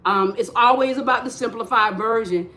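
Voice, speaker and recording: Addressing her chat during a relaxed live spiritual talk, a female host uses slang, repeats herself, and often bursts out laughing. She speaks at normal speed in a fairly high, sharp-toned voice.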